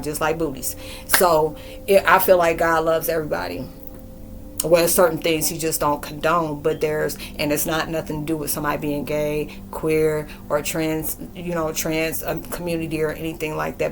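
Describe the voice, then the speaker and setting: A woman in her forties giving a rambling, slangy spiritual monologue and acting out quoted dialogue in a lively way. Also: sits low, brisk, over music. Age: 40s. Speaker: spiritual podcaster and reader.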